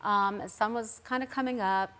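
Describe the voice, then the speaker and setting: A middle-aged woman tells a personal story as a talk show guest. Her pitch sits in the middle, and she speaks earnestly, acting out what others said. The voice is plain and conversational. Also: fairly even intonation, moderate pace, a bit bright. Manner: earnest, recounting events with quoted dialogue.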